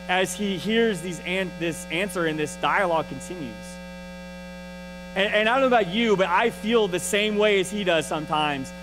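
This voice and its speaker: A man teaches a Bible lesson in a loose, conversational way. He often restarts his sentences and keeps checking in with his listeners. His voice sits high for a man, and faint music plays underneath. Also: rough recording. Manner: restarts and repeats words often. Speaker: church teacher.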